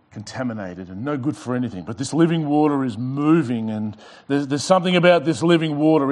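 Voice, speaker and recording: Man preaching with rising and falling force. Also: on the high side. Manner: preaching with swings from loud emphasis to quiet; light joking asides. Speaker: pastor. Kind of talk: sermon. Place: church service before a congregation.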